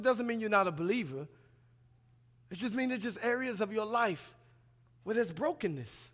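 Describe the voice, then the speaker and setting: A man in his thirties preaching a sermon as a pastoral resident, swinging between loud emphatic passages and quiet asides, colloquial and acting out dialogue. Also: high voice, lively intonation, normal speed, pauses often. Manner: colloquial, plays out dialogue in voices. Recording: long hall reverb.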